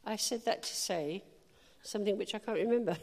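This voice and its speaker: A woman's voice: medium pitch, fairly quick, darkish tone. Woman preaching in a reverberant hall. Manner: humorous and chatty, with emphatic declarations. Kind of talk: informal sermon.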